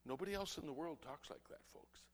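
A man, a pastor, preaching an impassioned sermon that swings between loud outbursts and low, earnest asides. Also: animated, fairly quick. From United States.

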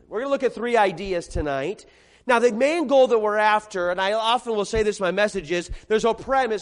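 A man preaching an evening sermon to a congregation in a room. He talks conversationally and with energy, asks the listeners questions and repeats his main points. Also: very high-pitched. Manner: conversational and animated, asking the audience questions and repeating key points. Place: room with a gathered audience.

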